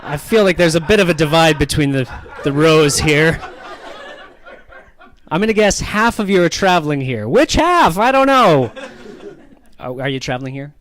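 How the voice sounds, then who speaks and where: Male stand-up comic, fairly high-pitched, profane, teasing crowd work. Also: expressive, normal speed, pauses often, a bit bright. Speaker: stand-up comedian. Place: comedy venue with live audience.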